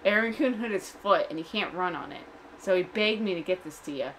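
Lady reading a blunt tough young gangster dude, gruff and cocky, game dialogue. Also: lowish voice, a little fast, fairly bright tone, slight background noise, close to an everyday voice, rough recording. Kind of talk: voicing game dialogue during a let's play.

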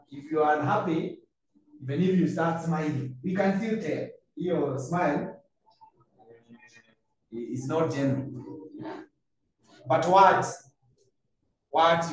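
A man with a Kenyan accent teaching a revision lesson to a class, asking students questions and mixing in Swahili phrases. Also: on the high side. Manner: conversational, quizzes students, mixes in Swahili phrases. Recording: echoey room, far from mic, faint noise.

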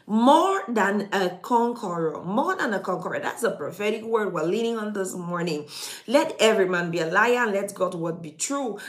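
A woman minister delivering an emphatic morning devotional sermon, repeating key phrases and building intensity. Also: medium pitch.

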